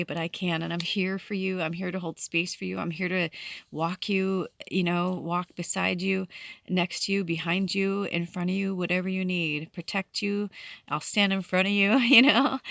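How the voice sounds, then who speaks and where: A woman's voice: lowish voice, creaky, a bit bright, no room sound. A woman in her late forties talking candidly in a casual vlog, swearing freely and speaking in a heartfelt, encouraging way as a spiritual content creator. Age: 40s. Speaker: spiritual vlogger.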